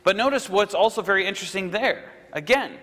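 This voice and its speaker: High-voiced man preaching in a reverberant hall. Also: expressive, fairly quick, pushed and bright. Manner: conversational, frequent "right?" asides, acts out quotes. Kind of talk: casual sermon.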